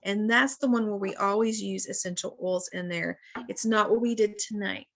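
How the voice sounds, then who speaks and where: A woman in her thirties leads a relaxed live wellness class over a video call. She talks in a chatty, friendly way and keeps turning to her listeners as guys. Her mid-pitched voice carries a steady gravelly fry. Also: normal speed. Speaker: wellness session leader. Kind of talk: casual live teaching session.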